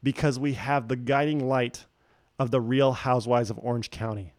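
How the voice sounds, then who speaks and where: A man's voice: medium pitch, fairly even intonation, normal speed, darkish tone, no echo, studio quality. A man preaching a sermon, telling a story with jokes and acting out the quoted voices. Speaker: pastor.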